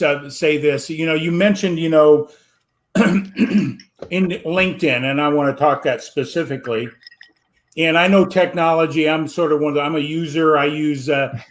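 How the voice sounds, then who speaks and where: A man asking questions in a casual online interview, rambling with restarts and a salesy tone. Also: a little high.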